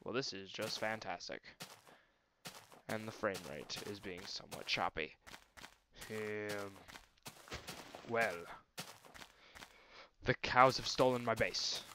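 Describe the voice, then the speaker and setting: A man's voice: lowish voice, slow, pauses often. A young man commenting on his own gameplay in a silly, mock-grand voice, speaking to the animals and trees. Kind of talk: let's play commentary. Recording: noisy amateur recording.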